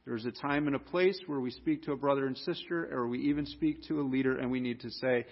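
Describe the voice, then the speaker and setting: An earnest man preaching, his slightly husky voice pressing into emphatic warnings. The sound is dull and muffled, with a long reverb trailing each phrase as if in a large hall. His voice sits a bit high for a man. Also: fast talker. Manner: earnest, rises to emphatic exhortation with repeated warnings. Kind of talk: sermon.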